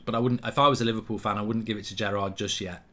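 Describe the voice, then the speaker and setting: A man's voice: lowish voice, fairly even intonation, very fast, bright, forceful tone. Chatty man commenting on football. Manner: chatty, reads out viewer questions, reacts to play. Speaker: host. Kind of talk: live football watch-along commentary.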